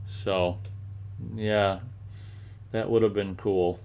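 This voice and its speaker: Rambling, low-voiced American man. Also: level tone, very slow, darkish tone, clean tone. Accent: General American. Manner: rambling, with many fillers and repeated words. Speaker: live show host reading chat comments. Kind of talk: casual live-stream chat.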